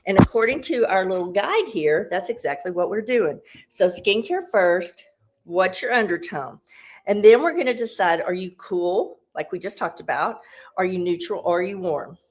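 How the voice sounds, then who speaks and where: A woman's voice: medium pitch, lively intonation, normal speed. A woman giving a casual, upbeat beauty tutorial as a consultant, chatty and explaining step by step, a little out of breath.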